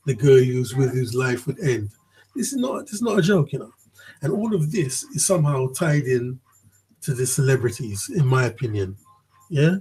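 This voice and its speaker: A man's voice: mid-range voice, very animated, normal speed, darkish tone, slightly rough, low-quality recording. A man vlogging in a rambling, casual commentary monologue, swearing freely and often checking in with the listener.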